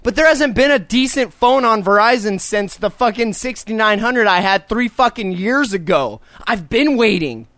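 A man's voice: high voice, animated, moderate pace, hardly any pauses, fairly bright tone, dry recording, studio quality. A young man hosting a podcast, ranting profanely and with exasperation. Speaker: podcast host. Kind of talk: casual ranting podcast chat.

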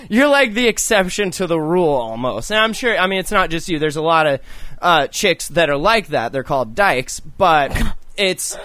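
A man's voice: on the high side, a bit bright, dry recording. A young man co-hosting a podcast, talking casually in a blunt, profane, rambling way full of "like". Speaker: podcast co-host. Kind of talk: casual chat.

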